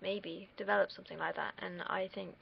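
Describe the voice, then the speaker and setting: A woman's voice: lowish voice, steady tone, a little fast, creaky, breathy edge. A young woman from the United Kingdom, rambling candidly in a casual solo livestream and swearing freely. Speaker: streamer. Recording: dull lo-fi mic.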